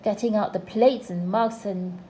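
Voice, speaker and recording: A woman narrating a children's storybook aloud with a gentle, expressive delivery. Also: medium pitch, a little slow, echoey room, slight background noise, poor audio. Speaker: storybook reader.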